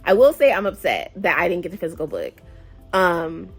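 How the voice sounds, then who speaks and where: Soft music plays behind a woman running a casual book club vlog, where she chats with feeling and sighs a lot in reaction to the story. Her voice is low, very animated, and slightly breathy, at normal speed.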